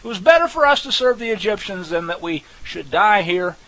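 A man voicing the whining freed Israelite slaves, panicky and self-pitying, in a high mocking wail. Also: sing-song, fairly quick, pushed and bright, full character voice, rough recording.

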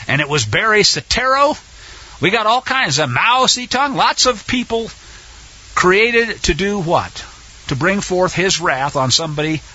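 A man preaching a fiery sermon, impassioned and sarcastic, sometimes shouting. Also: high-pitched, husky, highs cut off.

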